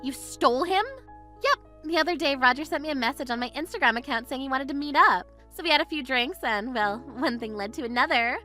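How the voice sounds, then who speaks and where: A woman voicing a boastful, mean young woman who gloats in an animated story. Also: sits high, fast talker, soft background music. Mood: gloating.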